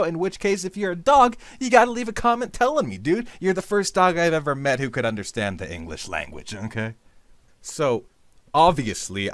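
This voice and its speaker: A man's voice: medium pitch, a bit bright, dry recording. A man hosting a gameplay video, rambling with absurd jokes and calling the listener dude. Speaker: gaming video host.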